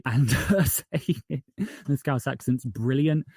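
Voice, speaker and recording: Husky and slow, the mid-range voice belongs to a podcast creator from northern England talking casually in an interview. He often restarts what he's saying and becomes animated with his jokes. The recording is studio quality with no room sound.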